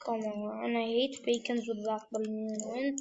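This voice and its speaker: A young woman giving casual commentary while playing a shooter game, muttering to herself and bursting into yells and trash talk. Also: a little high, unhurried, lo-fi sound, noisy background. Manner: animated, trash-talking, bursts of yelling. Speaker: gamer.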